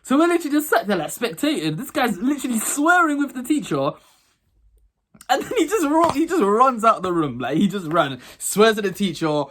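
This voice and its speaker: Young guy, vlogger, lively storyteller with a bouncy, up-and-down voice who laughs along. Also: very high voice, fairly quick. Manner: animated, laughs while telling stories. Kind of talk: casual storytelling to camera.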